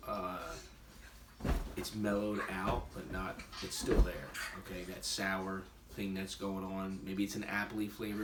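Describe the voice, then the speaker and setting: A man's voice: fairly low pitch, distant mic. Man, casual beer-tasting vlog, rambling with fillers, noisy background. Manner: rambling, self-deprecating, many fillers. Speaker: homebrewer reviewing his beer. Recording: roomy and noisy, from off the mic.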